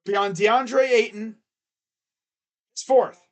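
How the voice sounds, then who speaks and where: A man doing casual live play-by-play reaction to a basketball game, chatty and excitable, with slangy asides between the calls. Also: high voice, slow pace. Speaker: live stream play-by-play commentator.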